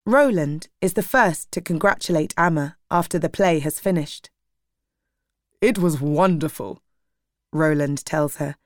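A woman reading a novel aloud in a steady, measured audiobook style. Her voice sits fairly low, and the recording is dry and close, with no room sound. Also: no echo. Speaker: narrator. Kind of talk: scripted audiobook narration.

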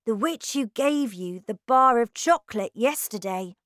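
A sensible young boy in a mouse's body, patient and reassuring, voiced by a woman reading a storybook. Her raised voice rises and falls a lot at an unhurried pace. The recording is dry and close. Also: fairly high pitch, expressive, fairly bright tone, dry recording, voice pushed up.

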